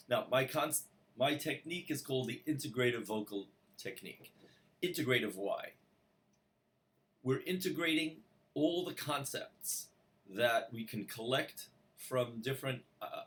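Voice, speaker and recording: A man with a bass voice who teaches singing, explaining slowly and breaking into sung vocal exercises. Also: expressive, fairly bright tone. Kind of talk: singing lesson. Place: room.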